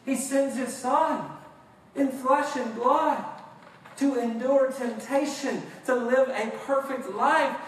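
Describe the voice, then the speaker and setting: Impassioned preacher in an echoey sanctuary. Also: male voice, very high-pitched, steady tone, slow pace. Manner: impassioned, swings from hushed to shouting; acts out mock voices of listeners. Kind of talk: sermon. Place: church sanctuary. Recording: very echoey room, far from mic, faint noise.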